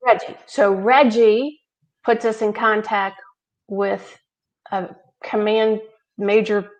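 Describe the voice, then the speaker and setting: Woman, mid-pitched guest, storyteller who acts out quoted dialogue. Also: slow pace, highs cut off. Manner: animated anecdotes, acting out quoted dialogue. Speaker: charity founder, guest. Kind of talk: conversational storytelling interview.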